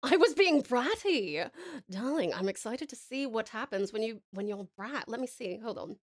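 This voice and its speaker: A woman putting on a put-on British accent to play a posh, polite lady who speaks softly and genteelly and calls everyone darling. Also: fairly high pitch, animated, moderate pace, voice pushed down.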